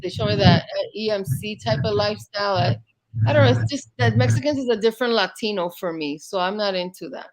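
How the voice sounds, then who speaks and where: A woman's voice: mid-range voice, fast. A woman chatting bluntly on a casual livestream call, sharing strong opinions and slipping in Spanish phrases. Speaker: livestream co-host.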